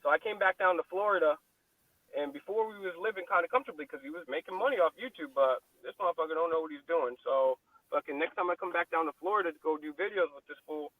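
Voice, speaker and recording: A man's voice: on the high side, quick pace, no echo. A man telling a long story on a live panel, profane and full of slang as he rambles on. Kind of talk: casual storytelling. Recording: tinny dry phone-like call audio.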